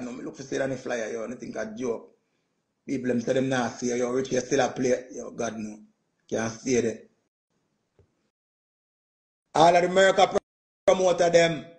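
Jamaican male performer, high gravelly voice, boastful animated storyteller. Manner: animated, boastful, repeats "man" and "yo", laughs through his telling. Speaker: music performer. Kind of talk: casual storytelling rant.

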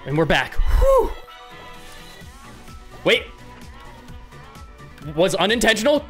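A young man giving excitable gameplay commentary as a gaming video host, often yelling at his teammates. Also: sits high, normal speed, soft background music. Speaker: gaming YouTuber.

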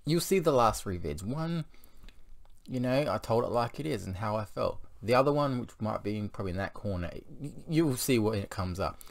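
A man's voice: on the low side, lively intonation, fairly quick, gravelly. A man in his thirties venting in a confessional vlog, rambling, blunt and full of swearing. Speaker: vlogger.

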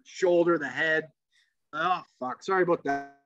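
A man's voice: a little high, unhurried, muffled recording, faint music behind. A man, a former pro hockey player, telling swearing, laughing stories as a podcast guest. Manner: animated, profane, laughs while telling stories. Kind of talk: casual storytelling.

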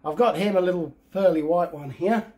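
A man's voice: sits high, moderate pace, darkish tone. Man, channel host, casual upbeat chat, talking to viewers. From England. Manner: chatty, upbeat, talks to viewers while working.

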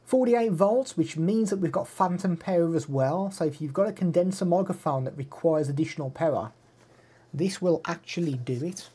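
Mellow, husky-voiced male streamer. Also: a little high, lively intonation, normal speed. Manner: chatty, laughs easily, talks to chat. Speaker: streamer reviewing gear. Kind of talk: casual live-stream chat.

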